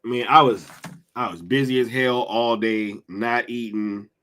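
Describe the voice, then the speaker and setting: A man's voice: medium pitch, a little slow, fairly bright tone. A man hosting a casual livestream, chatting in slang, reading viewer comments aloud and laughing often. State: hungry after a long day. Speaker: livestream host.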